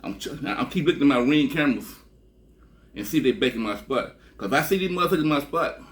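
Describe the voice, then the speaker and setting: A Texan vlogger tells a long, wandering story, casual and full of swearing, and his delivery is fast and expressive. He often lets a phrase trail off with a low "man."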